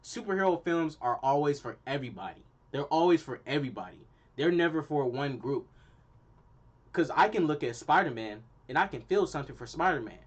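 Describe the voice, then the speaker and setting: A young man in college, a channel host, ranting casually in an animated, slangy, repetitive way, with a dull lo-fi sound. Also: a little high, brisk, husky. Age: young adult. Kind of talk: casual opinion rant.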